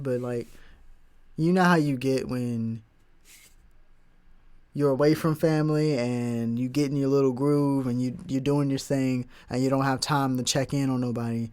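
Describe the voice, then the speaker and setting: A young man hosting his own podcast solo, rambling casually in relaxed slang about his day and family. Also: mid-range voice. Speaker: podcast host.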